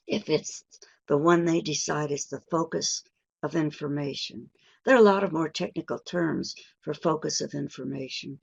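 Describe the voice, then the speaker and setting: Older woman, pronunciation teacher giving a webinar lecture, low gravelly voice, dull lo-fi audio. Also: darkish tone. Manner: deliberate, stretching key words for emphasis.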